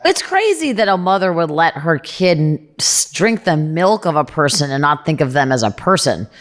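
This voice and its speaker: A woman host talks bluntly and swears freely as she tells stories. Her pitch swoops widely, giving her speech a lively, animated feel. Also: normal speed. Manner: blunt, profane, animated storyteller. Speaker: podcast host. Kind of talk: casual chat and storytelling.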